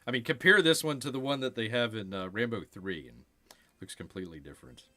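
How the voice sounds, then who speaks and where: A man's voice: on the low side, a little fast, sharp tone. A man hosting a casual movie watch-along, making wry, jokey remarks about the film. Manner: jokey, wry, often slips into silly voices. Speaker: streamer, host.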